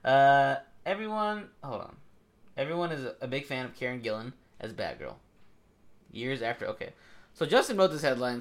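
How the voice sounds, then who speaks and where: Casual male podcast co-host, lively pitch, jokey and loose, laughs a lot. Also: brisk, creaky. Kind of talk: casual chat.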